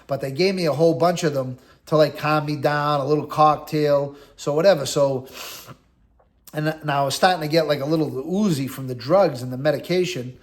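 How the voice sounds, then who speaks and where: Brisk and slightly high-voiced, a middle-aged Boston-area host tells a long, rambling story of his prison experience. It's a casual monologue in blunt street language, littered with "like" and "you know."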